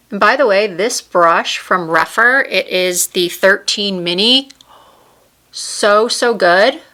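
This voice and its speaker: A beauty vlogger chats casually in a room at home with a window, trying out new makeup on camera and narrating every step. Her voice sits in the mid-range, bright and forceful.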